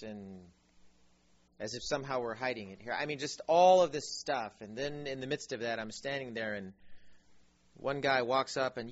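A man's voice: mid-range voice, normal speed, long pauses, lo-fi sound. A man preaching a sermon as pastor, telling stories with acted-out voices and joking asides. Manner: animated storytelling, acts out voices, joking asides.

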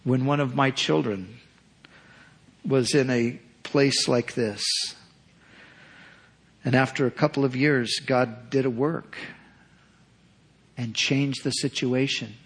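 A man preaching a sermon, earnest and measured, repeating phrases for emphasis. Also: mid-range voice, husky. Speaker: pastor.

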